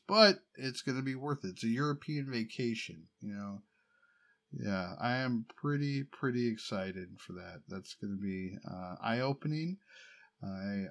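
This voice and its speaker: A middle-aged man from the United States in a casual personal monologue, rambling and wryly complaining. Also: lowish voice. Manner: rambling, wry, exasperated complaining with laughs.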